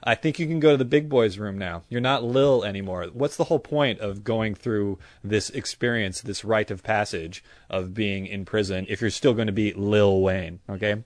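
A man co-hosting a casual podcast, sarcastic and animated, his voice leaping higher whenever a rant takes off. The sound is dry and close, with no room around it. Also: normal speed, few pauses, no room sound. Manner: animated ranting, voice jumps up when worked up. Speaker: podcast co-host.

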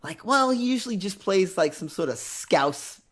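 Higher-voiced man, jokey banter. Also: expressive, normal speed, fairly bright tone. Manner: jokey, hesitant with fillers. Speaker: podcast co-host. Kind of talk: casual chat.

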